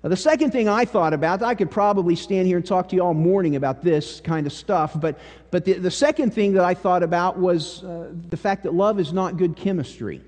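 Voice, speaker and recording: Folksy pastor preaching in a hall. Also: male voice, sits high, fairly quick. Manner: folksy storytelling, drops to a hush for serious parts. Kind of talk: sermon. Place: church sanctuary. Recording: church hall reverb.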